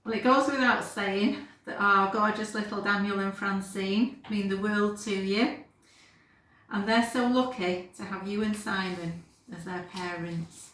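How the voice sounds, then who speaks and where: A woman's voice: mid-range voice, steady tone, measured pace. Echoey heartfelt mother's birthday message. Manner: warm, earnest and affectionate. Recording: very echoey room, faint background noise.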